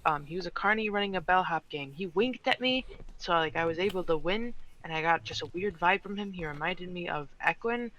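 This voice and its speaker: A man's voice: high-pitched, animated, a little fast, sharp tone, slight background noise, rough recording. A man playing a tabletop game, rambling casually with many fillers. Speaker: player. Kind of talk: casual chat.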